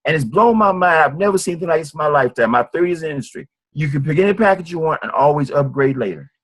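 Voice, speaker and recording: A man giving an informal sales training talk, fast and acting out sales calls. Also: on the high side, lively intonation. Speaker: network marketing trainer.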